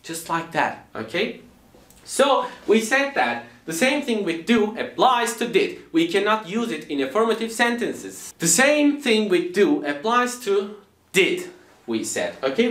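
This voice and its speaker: Male English teacher, slow and lively, bright tone, roomy echo. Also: high voice. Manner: animated, acts out example dialogues in voices. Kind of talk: video language lesson.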